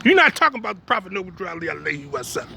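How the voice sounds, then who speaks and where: A man's voice: high voice, big pitch swings, very fast, creaky, pushed and bright, slight background noise. A man preaching in a blunt, emphatic way. He keeps asking "you understand me?" and drops streetwise jokes between points. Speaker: religious teacher. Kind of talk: preaching talk.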